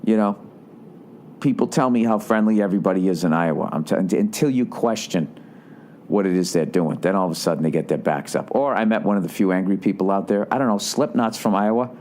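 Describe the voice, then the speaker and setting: A man's voice: low voice, fairly quick, darkish tone, slight background noise. Profane ranting male podcast host. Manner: exasperated, sarcastic, swears a lot.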